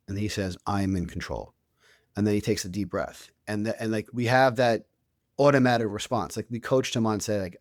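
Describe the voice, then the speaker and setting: A man in his thirties, an author and youth coach, guests on an interview show and tells stories casually with many restarts and fillers. His voice is on the low side with fairly even intonation and a moderate pace, captured as clean studio sound with no room sound.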